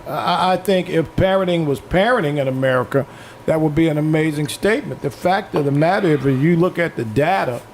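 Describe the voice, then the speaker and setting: Blunt, hesitant man with a higher voice. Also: fairly quick, slight background noise. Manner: blunt and profane, with frequent "uh" hesitations. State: drinking. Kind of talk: opinionated political talk.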